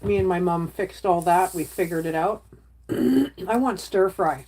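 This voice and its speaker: A woman's voice: on the low side, moderate pace, dark tone, a little hiss or hum. A middle-aged woman chatting casually on a livestream, rambling from topic to topic and reacting to viewer comments.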